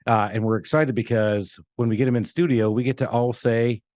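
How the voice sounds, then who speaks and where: A man's voice: medium pitch, steady tone, fairly quick, darkish tone, dry recording. A middle-aged man hosting a casual business podcast in a studio, joking and laughing with his guests. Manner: joking, laughing, loose banter. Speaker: podcast host.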